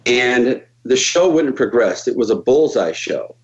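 Profane, animated male podcast guest. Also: medium pitch, a little slow, lo-fi sound. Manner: profane, animated, acts out quoted voices. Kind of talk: casual storytelling on a podcast.

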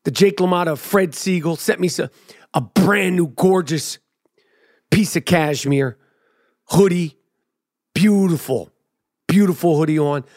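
A middle-aged man telling a profane comic story, swearing often and mimicking other people in a high excited voice. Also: unhurried, pauses often, no echo, clean studio sound.

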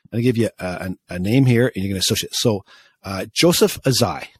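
Fast-talking husky man. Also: on the low side. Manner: quick, laughs along, leads segments. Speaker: podcast co-host. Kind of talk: casual sports chat.

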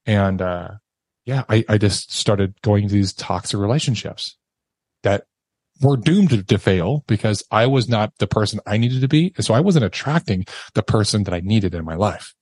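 A man's voice: on the low side, animated, moderate pace, a little mellow, husky, no echo. A man, a podcast guest, telling a raw, emotional personal story and swearing casually as he talks.

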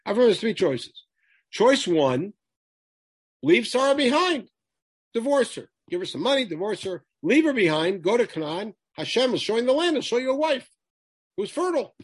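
A man's voice: high-pitched, sing-song, normal speed, breathy edge, dry recording. A man teaching a Torah lesson, quoting Hebrew verses and translating them emphatically. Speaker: Bible teacher.

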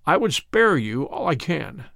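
A man voicing a keen detective speaking in a measured, soothing way. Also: on the high side, very animated, gravelly, fairly bright tone, no room sound, clean studio sound, heavily acted. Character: calm, keen male detective.

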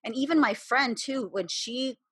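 Candid, animated woman podcast co-host. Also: on the high side, moderate pace, husky, no echo. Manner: candid, animated, swears when quoting herself. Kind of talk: casual chat.

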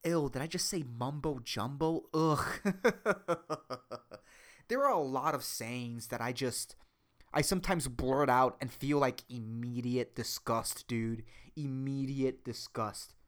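A man hosting a solo comedy podcast, rambling and self-mocking, crude, with a high squeaky voice. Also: slow pace. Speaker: podcast host.

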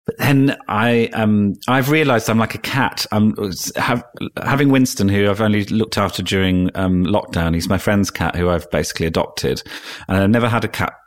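A man with a very low voice chats loosely on a podcast. He tells self-mocking stories, full of ums, false starts and quick jokes. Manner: chatty, self-mocking storytelling with frequent ums and restarts. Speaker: guest. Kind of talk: casual podcast chat.

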